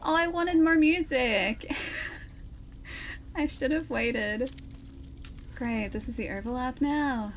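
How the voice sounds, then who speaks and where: A woman's voice: sits high, slow, long pauses, a little hiss or hum. A woman streaming a video game, chatting casually, laughing often and greeting viewers by name. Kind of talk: casual chat while playing a game.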